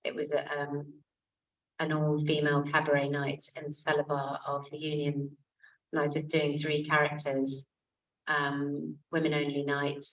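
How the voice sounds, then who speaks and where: An Englishwoman in her sixties, an author and comic actress, is a guest at a bookshop event, telling chatty anecdotes in a low voice. Her lively storytelling is full of quick asides and fillers, picked up by a distant, muffled mic.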